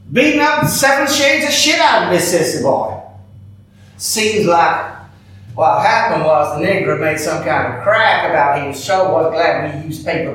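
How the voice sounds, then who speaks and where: An actor playing an older, bigoted night-shift cook who tells a rambling, folksy story in a drawl, captured on an echoey stage from afar. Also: male voice, on the high side, fairly bright tone, recorded from a distance, slight background noise. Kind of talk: theatrical monologue.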